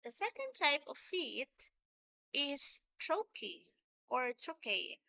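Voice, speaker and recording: A woman teacher walks through a poetry lesson at an unhurried pace, tapping out rhythms as she explains. Her voice is bright and a little high. The sound is dry and somewhat muffled, with a lo-fi edge. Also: sing-song, creaky, no echo. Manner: slow, patient explaining with sung-out rhythm examples. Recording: dull lo-fi sound.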